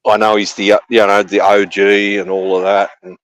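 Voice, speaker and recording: A man's voice: lowish voice, level tone, normal speed, no room sound, poor audio. A man with an Australian accent, a guest on a livestream, chatting casually in a rambling, profane way that keeps repeating itself. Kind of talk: casual chat.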